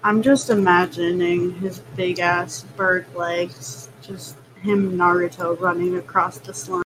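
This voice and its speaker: A woman's voice: fairly low pitch, little pitch movement, slow pace, noisy background. A woman playing a tabletop game, making wry, joking remarks. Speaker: player.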